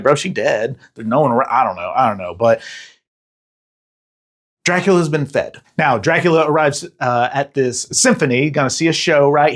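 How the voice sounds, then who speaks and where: A man recaps a film in a loose, rambling way, swearing freely and laughing as he goes. His voice sits at an ordinary middle pitch. He talks like a casual review-show host.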